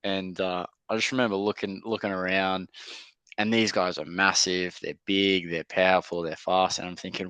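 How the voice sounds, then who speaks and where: A young man talks in a low, smooth voice, spinning easygoing stories as a podcast guest. His delivery is chatty and loose, full of fillers and casual slang. The microphone sounds close and dry. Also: flat delivery, moderate pace, a bit bright, no echo. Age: young adult. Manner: laid-back, chatty, lots of fillers and mates' slang. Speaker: podcast guest, rugby league player. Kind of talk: casual interview storytelling.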